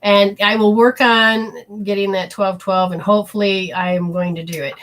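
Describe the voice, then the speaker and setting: Hosting a live energy-healing show, a woman chats, reads viewer comments aloud, and gives hands-on instructions in a meandering way. Her voice is mid-range, level and fairly bright at normal speed, captured on a low-quality recording.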